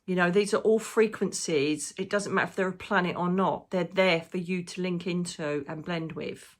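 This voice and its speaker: A woman's voice: fairly low pitch, steady tone, normal speed. A woman, a psychic medium, talking through her predictions in a rambling, emotional, casual way and swearing now and then. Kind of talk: casual spiritual monologue.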